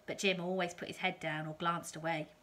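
Calm woman reading a children's story. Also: lowish voice, a little fast. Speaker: teacher reading aloud. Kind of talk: reading a children's novel aloud.

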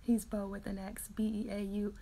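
A woman's voice: mid-range voice, monotone, moderate pace, mellow. A woman hosting a morning Bible-reading livestream, chatting casually and reading out viewer comments, laughing often. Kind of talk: casual chat with live viewers.

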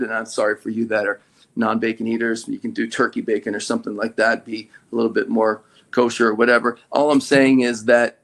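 Man, middle-aged, preacher, conversational sermon, drawn-out emphasis words. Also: medium pitch.

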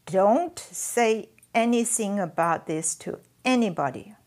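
A woman voicing a threatening male soldier with loud, clipped commands in a read-aloud memoir. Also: mid-range voice, animated, takes it slowly. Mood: oddly gentle.

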